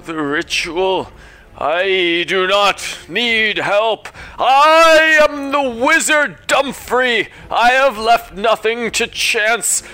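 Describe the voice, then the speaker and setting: A man voicing a vain, pompous undead wizard who boasts in slow, stately declarations. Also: high-pitched, sharp tone, exaggerated voice. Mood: grandiose.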